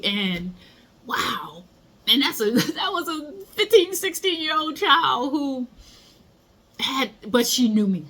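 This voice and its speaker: A woman's voice: high voice, sing-song, takes it slowly, pushed and bright. A middle-aged woman, giving casual motivational advice and telling stories. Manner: conversational, storytelling, acts out quoted voices. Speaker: motivational speaker.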